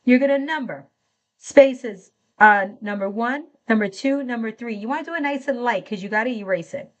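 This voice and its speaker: A woman's voice: on the high side, moderate pace, lo-fi sound. A middle-aged woman hosting a live craft tutorial, chatting enthusiastically and greeting viewers by name as she works.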